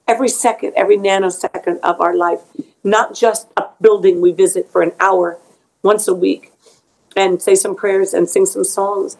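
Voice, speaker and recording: A woman's voice: mid-range voice, flat delivery, moderate pace, creaky, darkish tone, poor audio. A middle-aged woman being interviewed as an author, speaking earnestly and emotionally about faith, often repeating words as she goes.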